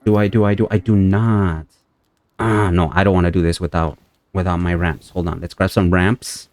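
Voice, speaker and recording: A let's play gamer chats casually to viewers while commenting on his survival game, speaking at normal speed in a darkish tone with little pitch movement. When things go wrong, he jumps into high-pitched, alarmed yelps. There's no echo.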